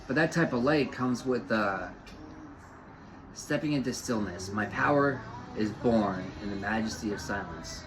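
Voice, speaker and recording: A man's voice: lowish voice, lively intonation, unhurried, over music, poor audio. A man giving an off-the-cuff spiritual talk, rambling and repeating phrases with lots of fillers. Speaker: spiritual host.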